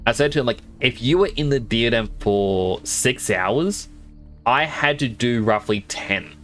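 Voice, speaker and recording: A young man telling a long gaming anecdote on a stream, slipping into quick voices for the other players he quotes. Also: mid-range voice, expressive, fairly bright tone, soft background music. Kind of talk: casual storytelling while gaming.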